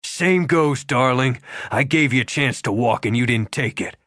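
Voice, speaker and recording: A man's voice: medium pitch, brisk, a bit bright, breathy edge, dry recording, clean studio sound. A man voicing a brooding, hot-tempered young man in an audiobook, curt and bitter. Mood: angry. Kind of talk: audiobook character voice.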